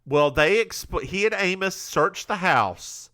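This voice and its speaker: A man co-hosting a podcast, casually recapping a TV episode as an animated storyteller. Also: high-pitched, slow. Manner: animated storyteller, slips into voices. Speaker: podcast co-host.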